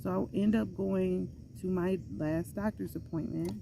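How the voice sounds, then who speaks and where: Young female vlogger, lower register with some vocal fry, casual storytime delivery, animated and chatty. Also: measured pace, a little hiss or hum. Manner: chatty, animated, acts out others' voices when quoting. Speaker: vlogger telling a personal story.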